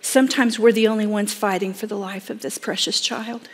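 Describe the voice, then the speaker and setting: A woman speaking to a gathered audience, telling a tense story and voicing its people with feeling. Her voice sits at an ordinary pitch. The sound carries a long reverb, as in a large hall. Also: steady tone, brisk, breathy edge. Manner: dramatic, acts out quoted voices. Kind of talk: emotional storytelling talk.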